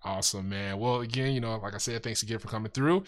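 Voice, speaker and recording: A man's voice: on the low side, quick pace. A man hosting a casual podcast interview, laid-back and easygoing, leaning on "you know" and "man". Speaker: podcast host.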